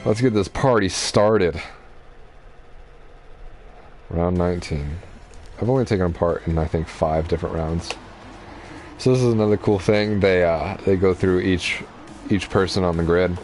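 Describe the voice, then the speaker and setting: A man's voice: sits low, a little slow, pauses often, slight background noise. A young man giving casual, chatty commentary while streaming a racing game. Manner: relaxed, chatty, explaining racing strategy.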